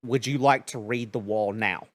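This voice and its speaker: A man narrating as game master of a tabletop game, talking in an unhurried way full of fillers. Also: medium pitch, fairly even intonation, no room sound.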